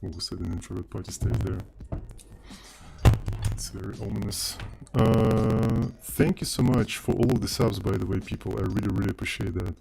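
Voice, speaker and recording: A man's voice: lowish voice, steady tone, normal speed, creaky, darkish tone, soft background music. A man chatting casually on a live stream, rambling between topics and thanking viewers by name. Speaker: livestreamer.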